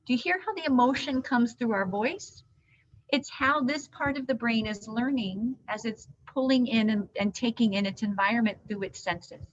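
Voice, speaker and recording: A woman trainer giving an animated live training talk to caregivers, teaching with hand gestures. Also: fairly high pitch. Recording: dull lo-fi sound.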